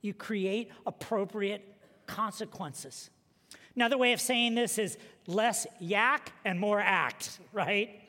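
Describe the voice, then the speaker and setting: A man preaching a sermon as pastor, telling stories with humor and animated delivery. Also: high voice, slow pace. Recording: long reverb of a large hall.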